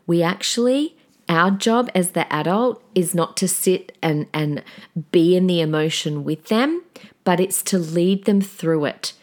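Low-voiced chatty Australian woman. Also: measured pace. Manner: chatty, animated storytelling with frequent fillers. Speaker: parenting podcast host. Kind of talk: conversational monologue.

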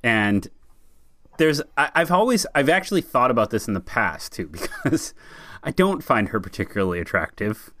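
On a dry recording, a man co-hosting a podcast talks through films at a moderate pace. His medium-pitched voice is sing-song and a bit bright, and his chatty delivery leans heavily on "like" as a filler.

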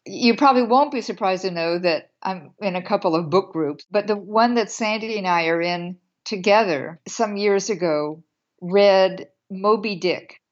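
A woman in her seventies chats casually as an interview guest, warm and witty and laughing often. Her voice is medium in pitch, and the recording has its highs cut off.

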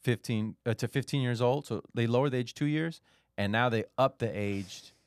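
A man's voice: mid-range voice, moderate pace, clear, resonant tone, dry recording, studio quality. A man co-hosting a podcast in casual chat, explaining news stories with lots of fillers and restarts. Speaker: podcast co-host.

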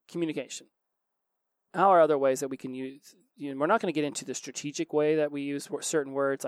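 A man hosts his own self-help podcast, explaining ideas in quick bursts full of restarts. His voice sits in a middle pitch range. The sound is dry and close, with no room echo. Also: clean tone. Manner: fast-talking, with frequent restarts. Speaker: podcast host.

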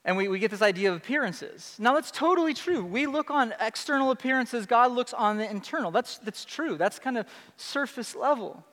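Male pastor, high voice, conversational sermon, emphatic restarts, long hall reverb. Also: animated, brisk, few pauses, fairly bright tone. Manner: conversational, emphatic, with many restarts and rhetorical questions. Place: church sanctuary.

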